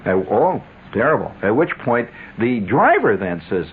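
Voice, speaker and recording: A man's voice: mid-range voice, huge pitch swings, moderate pace, slightly rough. A man hosting a radio show, telling stories in a wry, sardonic monologue with chuckling asides. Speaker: radio host. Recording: tinny old radio broadcast with faint hiss.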